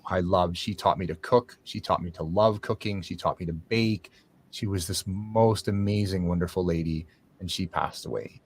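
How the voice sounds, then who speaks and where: A man with a low voice hosts a conversational talk show discussion, sharing a long personal story at a normal speed. He is reflective and rambling, with restarts and fillers, over slight background noise.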